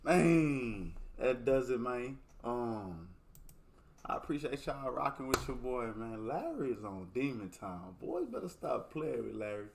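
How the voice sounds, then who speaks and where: A man's voice: medium pitch, big pitch swings, measured pace, vocal fry, a little hiss or hum. A young man hosting a reaction video, laughing and cussing as he talks back to clips. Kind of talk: casual reaction commentary.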